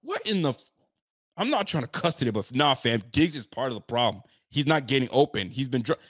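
A man's voice: mid-range voice, big pitch swings, a little fast, fairly bright tone. A man giving a frustrated, blunt post-game reaction, repeating himself and using casual slang. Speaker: sports fan commentator.

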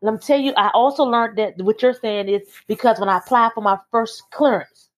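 A woman's voice: on the high side, a little fast. A woman, a parent, co-hosting a casual chat. She asks the questions in an easygoing, teasing way. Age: adult with kids. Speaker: podcast co-host.

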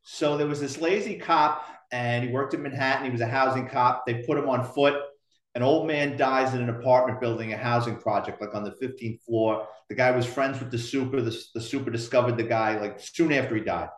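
A middle-aged man with a Bronx New York accent, a retired police detective telling blunt, profane stories with dark humor in a casual interview. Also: mid-range voice, brisk. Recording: roomy echo.

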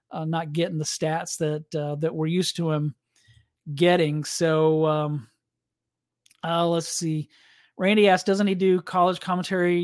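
A man hosting a casual sports podcast, rambling and halting with lots of fillers and restarts while he reads viewer comments. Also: fairly high pitch, no room sound, studio quality. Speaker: podcast host. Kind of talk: casual live-stream sports podcast chat.

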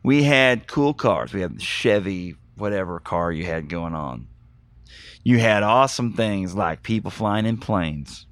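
A man hosting a casual movie podcast, talking in an animated, rambling way and getting excited as he goes. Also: deep voice, a little slow, no echo. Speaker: podcast host. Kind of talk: casual movie review chat.

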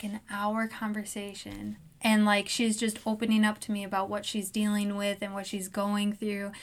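A young woman in casual conversation about faith, telling stories and acting out her own reactions with lots of filler words. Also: rough recording. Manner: animated storytelling, acts out her own reactions in a high sweet voice.

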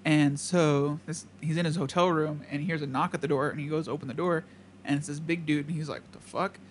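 A man's voice: on the high side, steady tone, a little fast, slight background noise. A man telling a story in casual chat, swearing and acting out the quotes.

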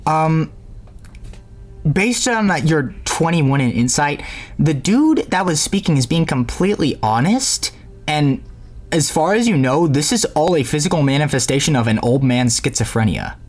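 A man's voice: a little high, lively intonation, normal speed. A man running a tabletop game as game master, narrating in a casual storytelling way.

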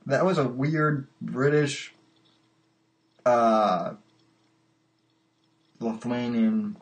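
A man hosting a live call-in podcast, halting and often repeating his words. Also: mid-range voice. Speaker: podcast host. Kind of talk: live call-in show chat.

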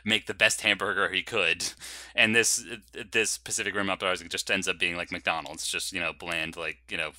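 Man, podcast co-host, casual rambling chat, bright voice, dry recording. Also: deep voice, level tone, moderate pace, dry recording. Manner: rambling, laughs often.

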